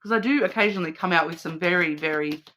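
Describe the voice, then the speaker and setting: A woman's voice: on the low side, fast talker, fairly bright tone. A woman with an Australian accent doing a casual card reading, rambling with many fillers and restarts. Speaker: card reader.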